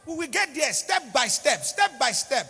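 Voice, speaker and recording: A man with a Nigerian accent preaches a sermon in a large church hall, his voice extremely high, sing-song, creaky and sharp at normal speed. He's impassioned and pleading, repeating himself for emphasis, in a reverberant recording with music.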